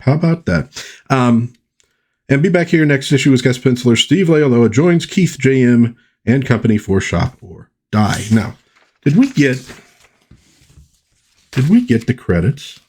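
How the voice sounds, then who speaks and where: A man's voice: medium pitch, expressive, measured pace, darkish tone. A man chatting casually through a comic book review, rambling and correcting himself as he goes.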